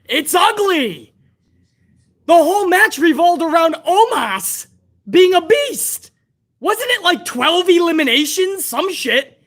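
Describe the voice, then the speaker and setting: A woman's voice: extremely high pitch, very animated, slow pace. A woman hosting a live wrestling review stream, ranting bluntly and heatedly with plenty of profanity. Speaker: wrestling show host.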